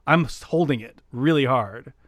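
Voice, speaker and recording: A man co-hosting a podcast, telling a story in casual chat with many restarts, getting loud and lively as he retells it. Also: mid-range voice, normal speed, no echo, studio quality. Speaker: podcast co-host.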